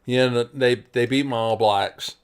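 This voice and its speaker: A man co-hosting a casual podcast, talking at a middling pitch. He rambles through plenty of ums and uhs and swears freely. He is from New Zealand. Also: steady tone, a little slow, clean tone. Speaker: podcast co-host. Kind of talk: casual chat.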